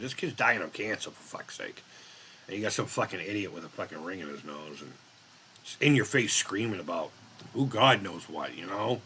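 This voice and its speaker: A man's voice: fairly low pitch, sharp tone, slight background noise. An American man hosting a casual live chat, rambling and swearing freely as he laughs along. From United States. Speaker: live stream host.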